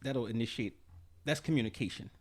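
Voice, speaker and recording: A man's voice: medium pitch, brisk. A man hosting a podcast, chatting casually in a laid-back, teasing way and laughing easily. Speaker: podcast host.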